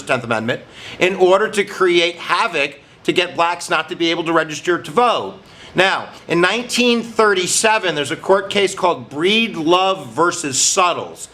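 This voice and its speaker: A man's voice: sits high, pushed and bright. A man hosting a history lesson channel, talking to viewers in an upbeat, jokey, casual way. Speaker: history teacher host.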